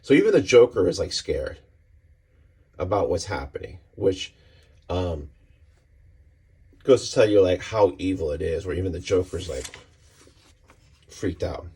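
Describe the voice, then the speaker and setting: A man casually walking through a comic issue page by page, talking in a relaxed, rambling way with many fillers. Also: low voice, measured pace, pauses often, breathy edge. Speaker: comic book reviewer.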